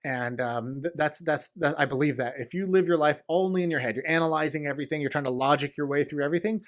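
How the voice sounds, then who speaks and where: A man in a casual podcast interview, talking fast and eagerly with many fillers and restarts. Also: fairly high pitch. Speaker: podcast guest, entrepreneur.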